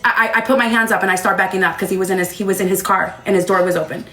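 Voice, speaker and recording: A woman in her thirties retelling a tense story to her live audience, quoting others in a fast, heated way. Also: medium pitch, steady tone, bright, forceful tone. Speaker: live streamer. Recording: echoey room with faint music.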